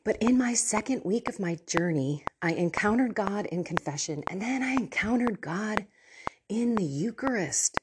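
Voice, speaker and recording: A woman hosting a Catholic podcast, telling personal faith stories in an earnest, animated way with laughs and asides. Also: medium pitch, normal speed. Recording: audible background noise.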